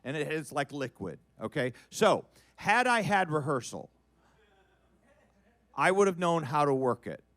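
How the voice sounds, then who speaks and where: A middle-aged man telling a comic story on a cabaret stage, animated and building to loud shouts. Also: on the high side, a little slow, no room sound. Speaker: guest performer.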